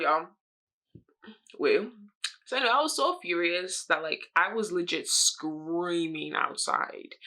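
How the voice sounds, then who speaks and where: A young woman telling a drama story while doing her makeup, animated and swearing, acting out what she said. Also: lowish voice. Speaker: beauty vlogger. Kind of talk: get-ready-with-me story time.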